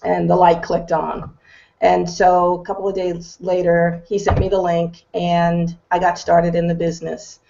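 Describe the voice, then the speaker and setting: A woman's voice: on the low side, completely flat delivery, a little slow, vocal fry, dark tone, lo-fi sound. A middle-aged woman giving an earnest, determined personal testimony on an online video call. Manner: earnest, determined, candid storytelling. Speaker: business testimonial speaker.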